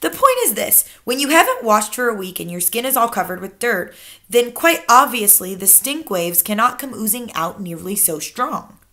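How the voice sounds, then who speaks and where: Woman doing a no-nonsense old grandma, bright voice, lots of swoop in it. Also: fairly high pitch, big pitch swings, moderate pace, heavily acted. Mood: firm. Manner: firm, matter-of-fact storytelling voice. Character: stern wise old grandmother, calm and certain. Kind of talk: children's book read-aloud.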